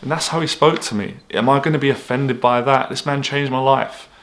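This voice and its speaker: A man's voice: medium pitch, fairly even intonation, a little fast, a bit bright. A man, an anxiety coach talking straight to camera in a blunt, candid way, swearing freely. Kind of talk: motivational vlog monologue.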